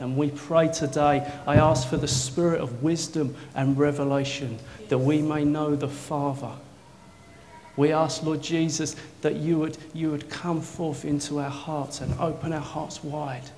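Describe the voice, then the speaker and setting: Preacher in a reverberant church. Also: male voice, fairly high pitch, a little hiss or hum. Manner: jokey banter, then soft intimate prayer. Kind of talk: sermon. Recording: long hall reverb, faint ambience.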